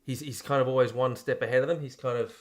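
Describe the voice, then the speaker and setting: A man's voice: mid-range voice, fairly even intonation, fast talker, a little mellow. Guy, young, podcast co-host, laid-back storyteller with crude humor. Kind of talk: casual comedic chat, pitching a movie plot.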